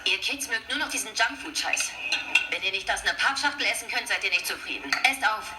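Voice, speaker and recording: A woman's voice: medium pitch, natural voice. An actress voicing a busy mother who scolds her picky kids in a dubbed TV series. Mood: scolding. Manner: brisk, scolding, lively. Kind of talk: German TV dub acting. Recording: roomy kitchen with loud clattering dishes.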